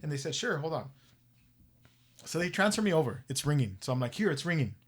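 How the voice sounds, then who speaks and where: Profane, animated man telling a story. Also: a little high, brisk, breathy edge. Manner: animated, profane, acts out quoted voices. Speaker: podcast host. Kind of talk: casual storytelling.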